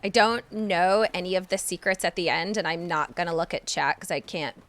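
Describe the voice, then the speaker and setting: A woman streaming a horror game, chatting casually and excitedly while she plays and talking to herself about her moves. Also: fairly low pitch, a little fast. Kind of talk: casual live-stream chat.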